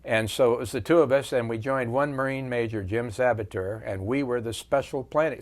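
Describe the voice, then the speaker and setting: A man in his seventies, interviewed as a veteran, recounting wartime memories with measured storytelling and frequent pauses. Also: medium pitch.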